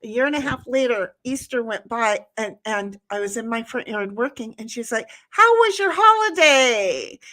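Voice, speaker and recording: A woman co-hosting a live stream, telling stories in a blunt, profane, animated way from home. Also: on the high side, normal speed, few pauses. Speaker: co-host of a live-stream talk show. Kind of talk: casual chat, storytelling. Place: home, at a computer.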